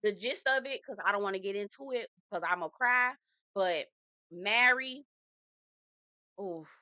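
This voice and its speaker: Sassy woman with a bright, dry voice. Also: medium pitch, unhurried, no room sound. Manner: sassy, animated, says "girl" often. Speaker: reality TV recap host. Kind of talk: casual recap commentary.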